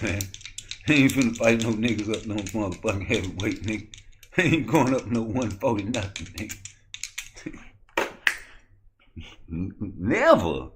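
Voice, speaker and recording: A man ranting profanely about boxing in a casual, mocking comedic monologue. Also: deep voice. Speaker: boxing commentator.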